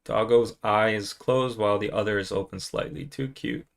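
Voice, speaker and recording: A man's voice: on the low side, steady tone, moderate pace, creaky. A man hosting a casual live stream who talks in a playful, joking way. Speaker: podcast host.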